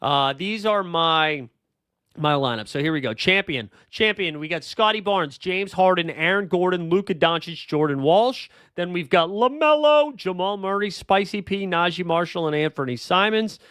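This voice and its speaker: A man hosts a livestream in loose, rambling chat and thinks out loud as he answers viewers. His voice sits a bit high for a man. The sound is dry and close, with no room echo. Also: animated, normal speed, clear, resonant tone. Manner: rambling, thinks aloud while reading chat comments. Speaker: livestream host.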